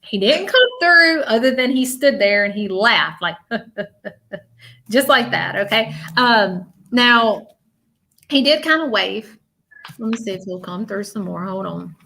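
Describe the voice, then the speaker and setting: Halting woman giving a psychic reading. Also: mid-range voice, lively intonation, gravelly, sharp tone, slight background noise. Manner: halting, repeats words, many fillers and restarts. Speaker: psychic medium.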